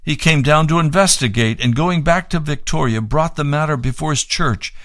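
A man's voice: on the high side, normal speed, a bit bright, no echo, studio quality. A man preaching on the radio, reading aloud from a book and making fervent, pleading appeals for donations.

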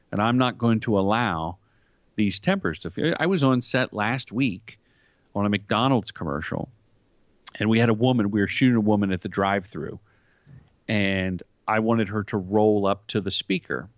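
A man's voice: fairly low pitch, no echo. A middle-aged man, a commercial director and comedian, telling anecdotes in an interview and acting out quoted lines. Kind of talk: storytelling interview talk.

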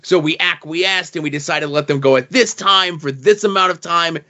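A man's voice: on the high side, normal speed, bright, forceful tone, highs cut off. A man co-hosting a podcast, jumping in with eager commentary in casual conversation. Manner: jumps in with eager commentary and opinions. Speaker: podcast co-host.

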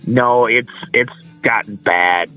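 Male podcast voice, mid-pitched, chatty and self-deprecating, soft music under. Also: slow, dull audio. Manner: chatty, self-mocking humor. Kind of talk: casual podcast chat.

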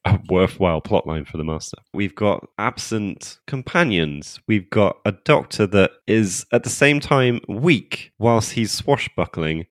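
Guy on a podcast, blunt and sweary, kinda low, dry close mic. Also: no echo. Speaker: podcast co-host. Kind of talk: casual review chat.

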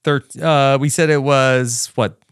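Laid-back guy hosting a podcast, quick bursts, dry mic. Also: mid-range voice, fairly even intonation, smooth, no echo. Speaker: podcast host. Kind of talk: casual podcast chat.

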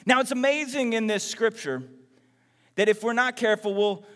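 Man preaching, from Texas, high voice, conversational and animated, long hall reverb. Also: normal speed. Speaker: pastor. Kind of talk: sermon.

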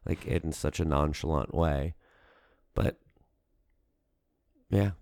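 Pitched extremely low, this man talks unhurriedly with a creaky, slightly mellow voice and frequent pauses. He co-hosts a podcast, chatting casually and rambling with many fillers and restarts, recorded at studio quality with no echo.

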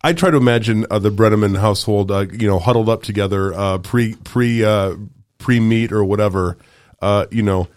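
A man with a fairly low voice hosts a casual podcast talk. He asks his questions in a meandering way, with many pauses and fillers. The recording is close and dry. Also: a little mellow, clear, resonant tone, no echo. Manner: rambling, hesitant questions full of fillers. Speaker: podcast host.

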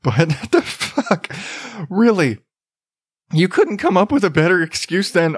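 A man's voice: high voice, big pitch swings, slow pace, breathy edge, no echo, clean studio sound. A man hosting a podcast, ranting in a casual, profane, mocking way, laughing often and rambling through his thoughts. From Arizona, US. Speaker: podcast host. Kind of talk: casual comedic commentary.

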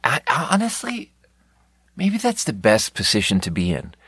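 A man's voice: mid-range voice, wildly swooping pitch, moderate pace, bright, forceful tone, breathy edge, no echo, studio quality. A young man from Europe, a podcast host, rambling sarcastically in an unscripted rant and swearing often.

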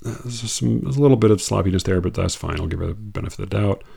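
A man's voice: fairly low pitch, fast, creaky, dark tone, breathy edge. A man reading out a poetry review and mocking it in an incredulous, exasperated monologue, with laughing asides. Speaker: poetry critic.

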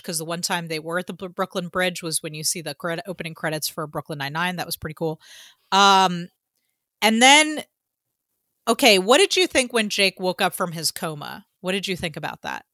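Bright, chatty woman podcast host. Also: lowish voice, lively intonation, a little fast, no echo, studio quality. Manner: chatty, acts out reactions in quotes, frequent "like". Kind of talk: casual chat recapping a TV finale.

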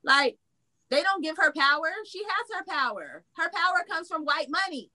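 A high, bright-toned woman, talking politics in a blunt, cussing rant. She heats up fast and then talks herself back down. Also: lively intonation. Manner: blunt, heated, profane, rants then reins herself in. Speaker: reaction show host. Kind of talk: casual political commentary.

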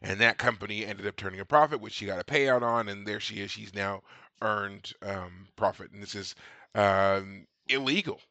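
A man co-hosting a podcast, recapping scenes in casual chat and slipping in quick quoted lines. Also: lowish voice, bright, forceful tone, dry recording, lo-fi sound. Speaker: podcast co-host.

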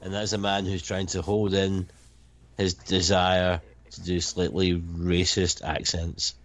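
A man with a fairly low voice co-hosts a casual film commentary. He speaks in a dry, sardonic way and slips in deadpan jokes between the chatter. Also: slow pace, a little hiss or hum. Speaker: podcast commentary co-host. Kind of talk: casual movie commentary chat.

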